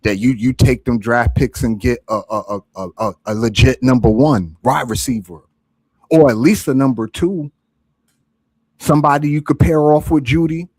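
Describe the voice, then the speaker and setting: A man co-hosting a casual sports talk stream, giving calm, measured opinions. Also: mid-range voice, no echo.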